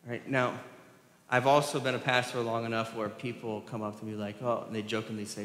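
A male pastor delivers a sermon in a relaxed, conversational way, tossing questions to the congregation and chuckling between points. His voice sits in a middle register. The sound carries a long, roomy reverb from the church hall. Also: medium pitch, brisk. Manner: conversational, asks the congregation questions, laughs often. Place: church sanctuary.

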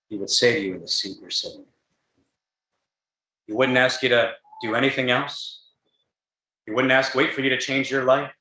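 A male preacher delivers a gospel sermon in a large tent. His tone is bright and forceful, and he presses the crowd with urgent, earnest rhetorical questions. The sound carries a roomy echo from the tent. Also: mid-range voice.

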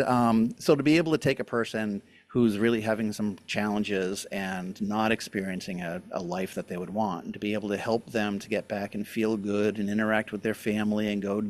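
A middle-aged man, a doctor appearing as a guest on a health show, explaining things in a relaxed chat and laughing often. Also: on the low side.

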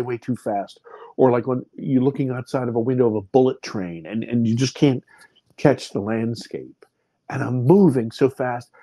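A man's voice: medium pitch, mellow, no room sound. A man in his fifties, a podcast guest, vividly retelling a personal experience with many restarts. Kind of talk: personal storytelling in an interview.

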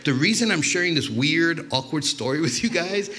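A man's voice: a little high, expressive, normal speed, sharp tone. A man from New York doing stand-up, telling rambling, profane stories full of restarts. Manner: profane, rambling, self-interrupting. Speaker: stand-up comedian. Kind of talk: stand-up storytelling.

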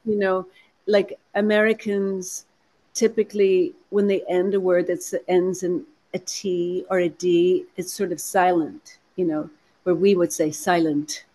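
A woman in her sixties with a soft Irish accent, chatting animatedly in an interview with frequent restarts. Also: fairly low pitch, little pitch movement, a little slow. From Ireland. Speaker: actress and producer. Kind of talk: interview conversation.

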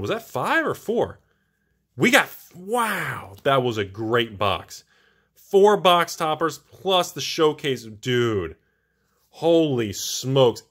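Hyped-up guy opening card packs, voice bouncing all over, yelling holy smokes energy. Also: mid-range voice, breathy edge. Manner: excitable, exclamatory, hyped-up. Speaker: host of a card-collecting channel. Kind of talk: casual booster box opening.

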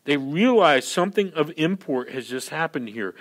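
A male pastor giving a sermon in a lively, conversational way, full of "you know" and "right", often acting out scenes. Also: on the high side, moderate pace. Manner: animated, acts out scenes in character voices.

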